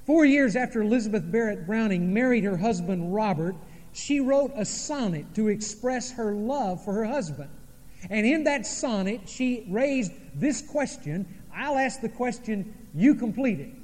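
A man preaching a sermon in a church, with dramatic pauses and sudden drops to a hush. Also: high voice, animated, big-room sound. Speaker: pastor. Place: church sanctuary.

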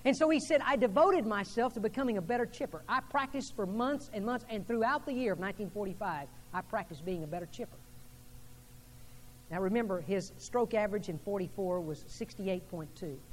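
A man's voice: sits high, lively intonation, fairly quick, big-room sound, slight background noise, low-quality recording. A man preaching a sermon to his congregation in a church, building emphasis through a string of questions. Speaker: pastor. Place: church sanctuary.

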